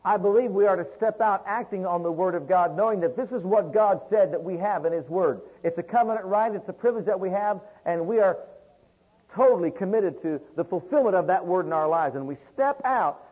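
A man's voice: high voice, breathy edge, highs cut off. A man preaching a sermon, reading long scripture passages aloud and calling out to his listeners. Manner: reads scripture in King James wording, calls listeners beloved.

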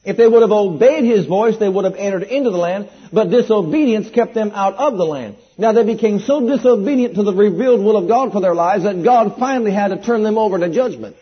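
A man's voice: high voice, fairly quick, few pauses, slightly rough. A man preaching a sermon in an earnest, emphatic way, repeating key phrases and quoting scripture. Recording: dull lo-fi sound.

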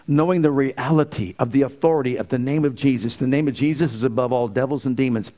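Alternating hushed, unhurried passages with loud bursts of emphasis, a male preacher peppers his congregation with rhetorical questions. His voice falls in the middle range.

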